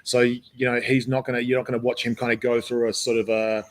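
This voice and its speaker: A man's voice: mid-range voice, little pitch movement, fast. A man talking casually as a jiu-jitsu coach on a live stream, rambling with many fillers and restarts.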